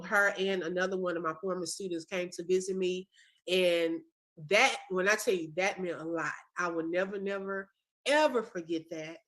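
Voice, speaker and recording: A woman's voice: medium pitch, pushed and bright. A woman hosting a casual video-call chat, praising a former student with emotion and often saying "when I tell you". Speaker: host, former teacher.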